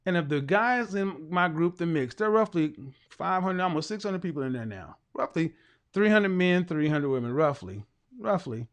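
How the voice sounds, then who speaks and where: A man's voice: high-pitched, lively intonation, moderate pace. A middle-aged man hosting a talk show, giving an emphatic lecturing monologue and repeating his points for weight.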